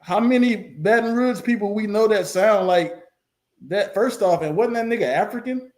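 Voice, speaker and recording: A man's voice: high voice, moderate pace. A man hosting a reaction video, talking bluntly and casually with plenty of profanity. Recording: roomy echo.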